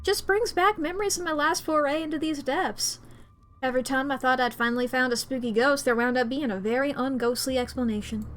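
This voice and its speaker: A woman's voice: high-pitched, fairly even intonation, brisk, a bit bright, faint music behind. A woman voicing a cheerfully morbid young ghost hunter with an upbeat, breezy way of talking. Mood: wistful.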